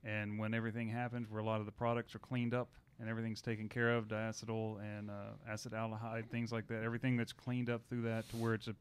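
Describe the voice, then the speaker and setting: A man's voice: on the low side, completely flat delivery, quick pace, few pauses, a little hiss or hum. Laid-back chuckling man co-hosting a podcast. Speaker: podcast co-host. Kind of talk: casual chat. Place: brewing supply shop studio.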